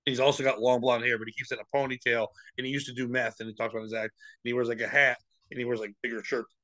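A man's voice: mid-range voice, racing, no room sound, rough recording. A man telling comedy stories in casual podcast chat, laughing often and acting out what people said. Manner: animated, laughs often, acts out quotes. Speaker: podcast host.

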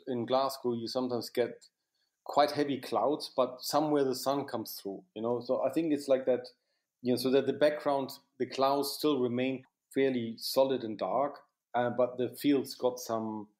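Halting, reflective male cinematographer. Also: mid-range voice, a little mellow. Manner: halting, many restarts and "you know". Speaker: cinematographer, interview guest. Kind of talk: reflective interview recollection.

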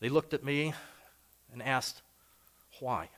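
An animated older man with a fairly high, fairly bright voice preaches a little slowly as a pastor. He relies on personal stories, keeping the sermon conversational and anecdotal.

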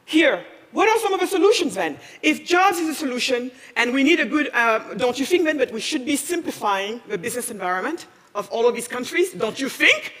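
A woman from Senegal giving a passionate conference talk, firing off challenging questions and rising to near-shouting. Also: sits high, very animated, a little fast, hardly any pauses. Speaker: speaker at a conference. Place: large conference hall. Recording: long reverb of a large hall.

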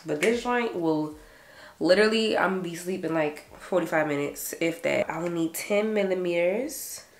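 A young adult woman vlogger chatting casually to her camera, animated and saying "y'all" a lot. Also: on the low side, moderate pace. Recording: roomy echo, faint music behind.

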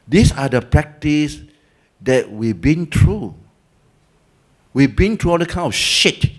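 This Dhamma talk comes from a Buddhist teacher with a Singaporean English accent and a fairly high voice, who speaks slowly and pauses often. He tells the story with liveliness, acts out its people, and uses colloquial speech laced with Malay and Hokkien words.

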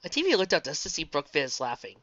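A woman reading a fan fiction story aloud as narrator, in a plain, steady reading voice. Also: deep voice, fast, dry recording, lo-fi sound.

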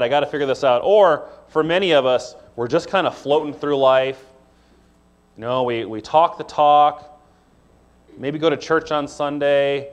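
A man preaching a sermon from the pulpit, his voice pitched on the higher side for a man. He talks in a relaxed, conversational way, speeding up through asides and slowing for emphasis. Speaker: pastor.

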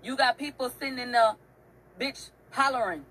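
A woman's voice: fairly high pitch, moderate pace, a bit bright, breathy edge, low-quality recording. A woman hosting an online show, telling a story in a casual, emphatic rant. She swears often and repeats phrases for effect.

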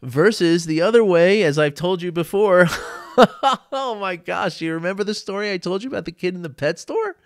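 Animated storytelling man, dry sound. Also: sits high, brisk, no room sound. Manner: animated, laughs often, acts out quotes. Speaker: life coach. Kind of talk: reflective storytelling monologue.

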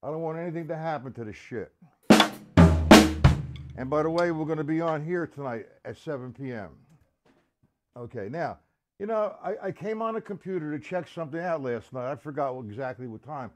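A man's voice: on the high side, lively intonation, a little fast, darkish tone. Chatty man teaching drums. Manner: chatty, addresses viewers by name, counts beats aloud. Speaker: drum teacher. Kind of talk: casual live-stream drum lesson.

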